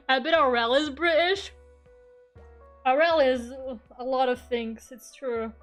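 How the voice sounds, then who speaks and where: A woman's voice: sits high, takes it slowly, soft background music. A young woman streaming her art, chatting casually and rambling, laughing often and swearing freely. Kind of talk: casual chat while drawing.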